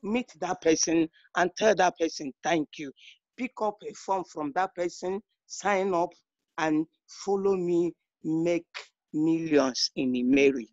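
A woman's voice: fairly low pitch, a little slow, a little mellow, dry recording. A woman director giving an emphatic, exhorting motivational speech on an online call. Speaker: network marketing director. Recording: dry, dull lo-fi call audio.

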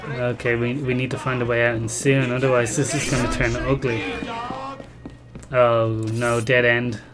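A man's voice: medium pitch, little pitch movement, moderate pace. Chatty man narrating a game. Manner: chatty, self-mocking, laughs at himself. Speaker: gameplay commentator. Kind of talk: casual let's-play commentary. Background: game music.

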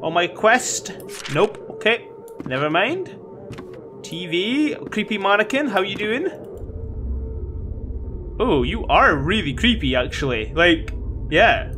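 A man's voice: sits high, big pitch swings, measured pace. A man playing a horror game and commenting casually, swearing and reading game text aloud. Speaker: gaming video host. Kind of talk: let's-play commentary. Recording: home recording with clear background noise.

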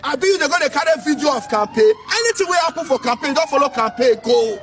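A man from Edo State with a Nigerian Pidgin English accent, delivering a loud, sing-song scolding commentary. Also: very high voice, expressive, fast, music in the background. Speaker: social commentator. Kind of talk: ranting commentary. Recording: distant mic with faint noise.

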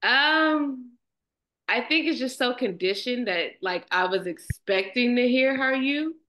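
A woman's voice: a little high, expressive, unhurried, bright, forceful tone, rough recording. A woman on a sales team answering her coach in a group session, chatty and full of filler words. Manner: chatty, hedging with "like" and "um".

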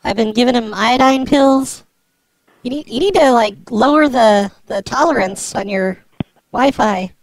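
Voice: mid-range voice, unhurried, dry recording, pitched above the performer's own voice, natural voice. A prank caller playing a brash, foul-mouthed woman neighbor who bosses people on the phone. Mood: pushy. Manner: rude, bossy, swears a lot.

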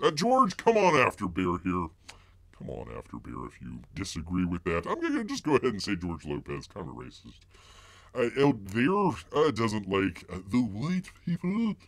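A man with a lowish voice hosts a live-stream news commentary, rambling and mocking, loaded with filler words and restarts, and he refers to himself in the third person. The recording is dry.

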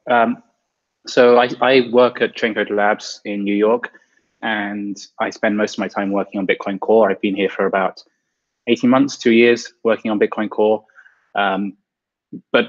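An Englishman speaks as an interview guest, explaining in a measured, precise way. His voice is low and stays flat, with little rise and fall. It comes through a dull, lo-fi remote line.

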